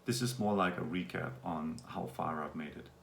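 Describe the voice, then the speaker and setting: A Danish vlogger gives a casual video update at a normal speed, rambling in a relaxed way and using plenty of fillers. His low voice has a gravelly edge. The echoey room carries a faint hum of ambience.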